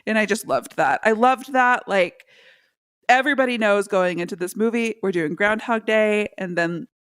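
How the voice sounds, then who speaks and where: A woman co-hosting a podcast, talking through a movie in relaxed casual chat, with lots of filler likes. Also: mid-range voice, moderate pace, clean tone, no echo, studio quality. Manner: chatty and reflective, many filler likes. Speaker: podcast co-host. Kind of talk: casual chat about a film.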